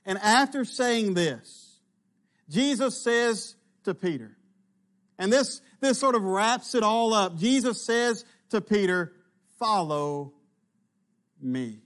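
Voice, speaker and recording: A man preaching a sermon, slow and emphatic, dropping low at the ends of phrases. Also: expressive, a bit bright.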